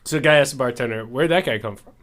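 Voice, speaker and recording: A man's voice: medium pitch, very fast, fairly bright tone. A young man co-hosting a podcast, telling jokes in casual chat and laughing as he goes. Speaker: podcast co-host.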